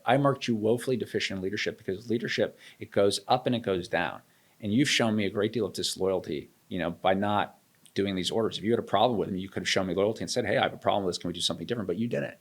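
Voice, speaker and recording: A man in his thirties with a lowish voice talks fast while guesting on an interview. He spins a story in conversation, animatedly voicing the lines of dialogue.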